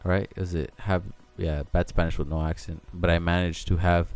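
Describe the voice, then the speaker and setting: Low-voiced young man, rambling vlog chat. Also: level tone, normal speed, a little mellow, smooth, faint music behind. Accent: Mexican American. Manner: rambling, self-interrupting, swears casually. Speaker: vlogger. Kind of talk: casual rambling monologue.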